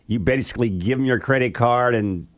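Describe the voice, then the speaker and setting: A man's voice: medium pitch, a little fast, no echo. A man co-hosting a morning radio show, making dry teasing remarks. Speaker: radio co-host. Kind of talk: casual morning radio banter.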